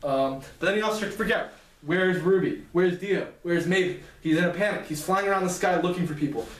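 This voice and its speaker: A man's voice: high voice, fairly quick, fairly bright tone. A man casually retelling the plot of his own novel, with lots of ums and restarts. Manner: loose, filler-heavy retelling with restarts. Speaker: author recapping his novel. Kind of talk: casual plot recap lecture. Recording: roomy, distant mic, faint noise.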